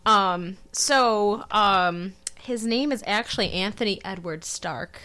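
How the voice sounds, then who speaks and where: A woman's voice: mid-range voice, slow, pushed and bright. A woman co-hosting a podcast in casual chat, rambling with asides and laughing often. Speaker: podcast co-host.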